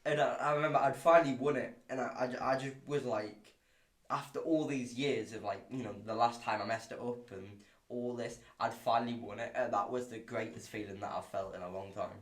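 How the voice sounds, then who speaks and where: A man's voice: medium pitch, brisk. A young man, hosting a podcast and telling a bowling story in casual chat, rambling with many restarts. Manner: rambling, many restarts, animated when excited. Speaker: podcast host and bowler. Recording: echoey room.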